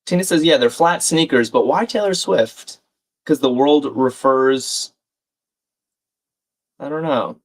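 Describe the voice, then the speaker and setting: Pausing often and taking his time, a man with a voice on the high side hosts a live crossword-solving stream. The chat is casual as he thinks aloud and reads viewer comments.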